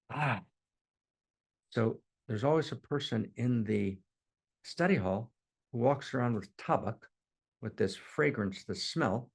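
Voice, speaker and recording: A man's voice: medium pitch, husky. A man, a spiritual teacher, telling a teaching story in a digressive way and often checking in with "right?".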